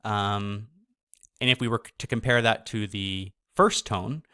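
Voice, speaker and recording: A man teaching a course, explaining pronunciation casually and sounding each syllable out slowly. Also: lowish voice, bright, forceful tone, clear, resonant tone. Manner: casual, with fillers and self-corrections. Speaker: course instructor. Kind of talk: slow explanatory lesson.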